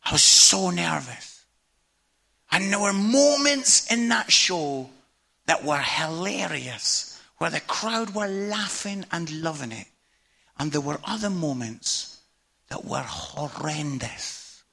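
A middle-aged man tells comic stories in a sermon, voice pitched high for a man and very bright and cutting. There is a husky rasp under it, and he keeps throwing in punchy asides to the crowd. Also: expressive, takes it slowly. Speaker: evangelist preacher. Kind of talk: humorous storytelling sermon.

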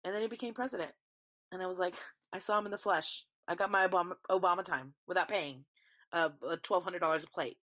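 Girl rambling on her podcast, lowish voice, swears a lot. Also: fast, fairly bright tone. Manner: rambling, swears freely, talks to listeners as y'all. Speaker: podcast host. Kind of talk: casual solo chat.

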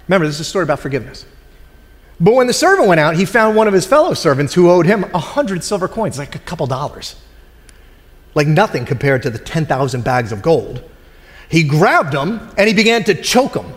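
A man's voice: high voice, big-room sound. A man preaching a sermon in a conversational way, acting out the voices of people in the story. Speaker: pastor.

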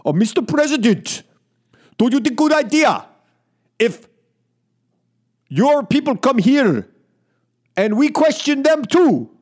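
A man putting on a cartoonish Russian accent for a scheming male Russian leader, high and sly. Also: big pitch swings, slow pace, long pauses, heavily acted. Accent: fake Russian.

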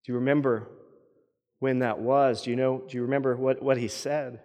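A man's voice: mid-range voice, fairly even intonation, brisk, a little mellow, in a large hall. A man preaching a sermon as pastor, earnest and often repeating words as he builds each point.

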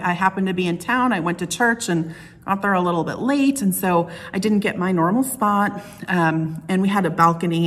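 A woman's voice: lowish voice, a bit bright. A middle-aged woman pastor delivering a conversational sermon, telling stories with playful asides. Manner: chatty storytelling with playful asides.

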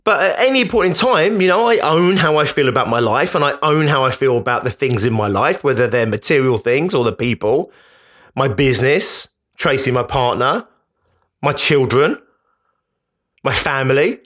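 A man's voice: mid-range voice, lively intonation, normal speed, fairly bright tone. A man hosting a podcast, speaking in an emphatic, conversational motivational monologue that often repeats itself. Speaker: podcast host.

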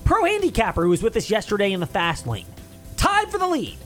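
A man's voice: sits high, wildly swooping pitch, brisk, a bit bright, faint music behind. A man hosting a sports talk show, chatting casually with rambling asides. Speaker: sports talk radio host.

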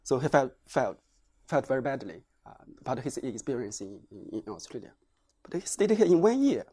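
Man, academic lecturer, mid-range voice, hesitant delivery with frequent pauses. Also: medium pitch, sing-song, mellow, slightly rough. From China. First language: Chinese. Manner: halting, many hesitations. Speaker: academic researcher presenting findings. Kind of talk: lecture presentation.

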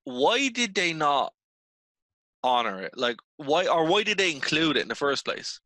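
A young Irish man co-hosting a podcast in casual chat, chatty and excitable, jumping from topic to topic. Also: a little high, a little slow, no echo. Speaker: podcast co-host.

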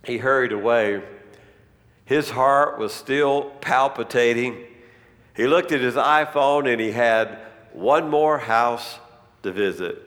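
A man's voice: medium pitch, slow, a bit bright. A man preaching a sermon as a dramatic story, narrating with a storyteller's pacing. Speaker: pastor. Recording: long reverb in a large hall.

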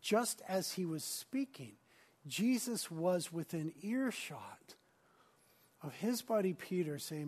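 A man preaching a sermon as pastor, earnest, moving between urgent emphasis and hushed near-whispers. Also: sits high, very animated, takes it slowly, slightly rough.

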